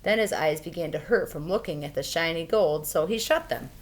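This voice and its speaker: A woman reading a fairy tale aloud for children, expressive and playful. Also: deep voice, a little fast. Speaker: storyteller. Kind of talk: children's storybook read-aloud.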